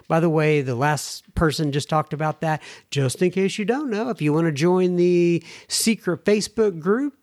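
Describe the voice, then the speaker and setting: A man with a somewhat high voice hosts a podcast, reading out letters from listeners. He drifts into chatty, rambling asides between them. The sound is dry and close, with no room echo. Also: a little mellow. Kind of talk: casual chat.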